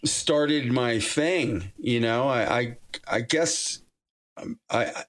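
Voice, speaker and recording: A man's voice: medium pitch, drawn-out words. A man telling stories as a guest on a podcast, rambling with frequent restarts and fillers, and laughing easily. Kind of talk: casual storytelling interview.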